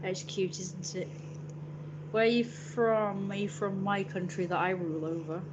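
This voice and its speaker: A woman's voice: medium pitch, fairly even intonation, unhurried, background noise. A woman chatting on a casual livestream, joking in a playful royal persona, rambling, answering chat aloud and swearing freely.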